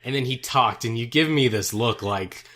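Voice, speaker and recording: A young man in relaxed podcast chat about a film. He talks in a rambling, self-correcting way and laughs at his own quips. His voice sits at an ordinary middle pitch. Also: normal speed. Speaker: podcast co-host. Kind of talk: casual movie review chat.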